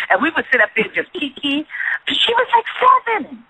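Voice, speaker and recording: A woman in casual conversation on a call-in radio show, telling lively stories and acting out the dialogue. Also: high-pitched, a little fast, no room sound, poor audio. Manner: animated storyteller, acts out quoted dialogue. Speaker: guest. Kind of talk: casual chat.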